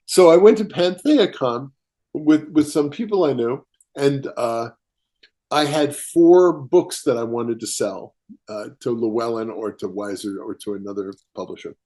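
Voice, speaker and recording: A man, a writer, telling a personal story as a podcast guest, animated and chuckling as he acts out quotes. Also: mid-range voice, unhurried. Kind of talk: casual storytelling interview.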